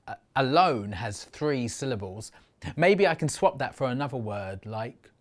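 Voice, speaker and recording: A middle-aged man teaches children to write poems, and his voice rises and falls with lots of life. He speaks slowly and carefully and draws words out when he counts syllables. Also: mid-range voice. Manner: animated, expressive, slows to sound out syllables. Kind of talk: lively children's writing lesson.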